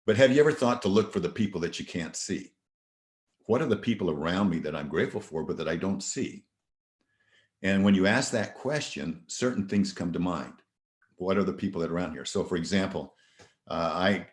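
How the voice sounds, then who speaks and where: A man's voice: deep voice, a little fast, roomy sound. A man giving an earnest motivational talk on gratitude, telling stories and asking the audience rhetorical questions. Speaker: motivational speaker. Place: virtual event presentation.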